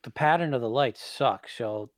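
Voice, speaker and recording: A man's voice: medium pitch, moderate pace, no echo, studio quality. Profane man telling a story. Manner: profane, matter-of-fact. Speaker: podcast co-host. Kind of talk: casual chat, storytelling.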